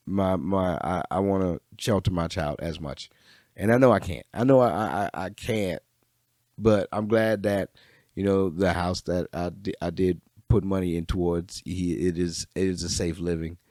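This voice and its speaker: Young male podcast host, solo rant, lowish voice, profane and rambling, dry close sound. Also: moderate pace, no room sound. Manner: profane, rambling, animated outbursts. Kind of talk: casual solo monologue. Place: room by a bookshelf.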